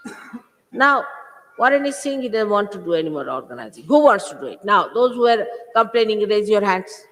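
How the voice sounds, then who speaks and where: A woman, a spiritual teacher scolding her followers with emphatic rhetorical questions. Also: a little high. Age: 60s. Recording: echoey hall, old 1980s recording.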